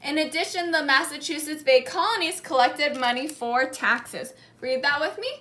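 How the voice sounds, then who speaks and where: A woman teaching a lesson, saying words slowly and clearly and having the class repeat them after her. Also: high-pitched, pushed and bright. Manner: slow, clear, repeating key words for learners to echo. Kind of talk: call-and-response classroom lesson.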